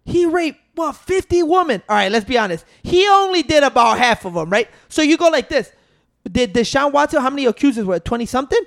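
Gravelly man arguing. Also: very high voice, animated, a little fast. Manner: insistent, keeps restarting to hold the floor. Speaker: podcast co-host. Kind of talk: casual profane debate.

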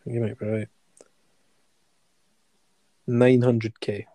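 A laid-back man with a mellow voice, recorded dry and close. He chips into the chat with easygoing comments. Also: medium pitch, flat delivery, extremely slow, no room sound. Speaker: podcast co-host. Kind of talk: casual chat.

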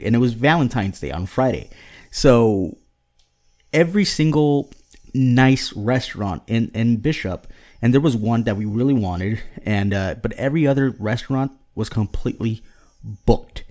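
A man's voice: medium pitch, animated, moderate pace, a little mellow. A man in his thirties co-hosting a casual podcast, rambling with many restarts and fillers. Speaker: podcast co-host. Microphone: podcast mic at home.

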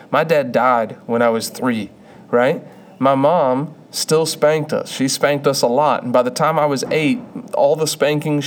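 An earnest young man preaches in a loose, conversational way and often restarts a phrase before pressing on. His voice sits at a middling pitch. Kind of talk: sermon.

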